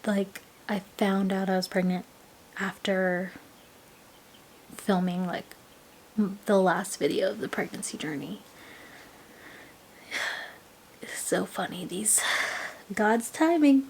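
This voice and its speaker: A young adult woman sharing a casual personal vlog in a soft voice that often drops to a half-whisper, with small laughs along the way. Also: mid-range voice, slow pace, pauses often, a little hiss or hum, poor audio. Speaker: vlogger.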